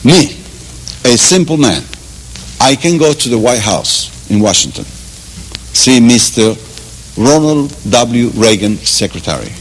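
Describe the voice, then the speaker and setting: A man's voice: medium pitch, very animated, measured pace, pauses often, in a large hall, a little hiss or hum, rough recording. A man voicing a boastful American man who lectures and repeats himself as he brags. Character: boastful male American man bragging about freedom.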